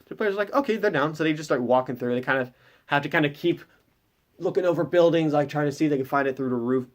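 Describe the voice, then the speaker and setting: A man narrating as game master, recapping a tabletop session in a loose, rambling way with lots of filler words. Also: medium pitch. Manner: rambling, heavy with fillers like "kind of".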